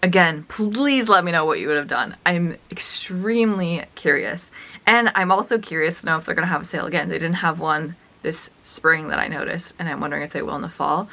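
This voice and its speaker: A young woman telling a storytime vlog as a reseller, chatty and animated, acting out the dialogue as she retells it. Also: lowish voice, a little fast, creaky. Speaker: reseller vlogger.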